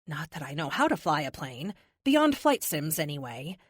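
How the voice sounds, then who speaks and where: A woman's voice: sits low, sing-song, normal speed, husky, no room sound, clean studio sound. A woman narrating a superhero audiobook in the first person, with a wry, sarcastic touch.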